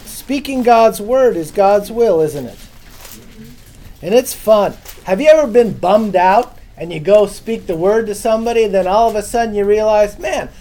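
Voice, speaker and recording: A man teaches from the Bible to a small gathering in a loose, conversational way. His voice is mellow and dark, and he keeps turning to the listeners with questions. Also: high voice. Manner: casual, chatty, asks the audience questions. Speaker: preacher. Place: room with a small live audience.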